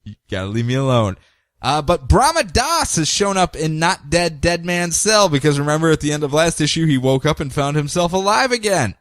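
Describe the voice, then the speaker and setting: A man co-hosting a podcast, casually recapping comic book stories in an animated way and slipping into quick character voices. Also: fairly high pitch, dry recording, studio quality. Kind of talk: casual chat.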